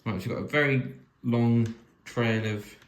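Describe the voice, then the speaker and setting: A man's voice: medium pitch, steady tone, a little slow. A man hosting a home video, thinking aloud as he builds, with dry jokes. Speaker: vlog host building a toy set. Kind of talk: casual step-by-step commentary. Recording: echoey room with faint noise.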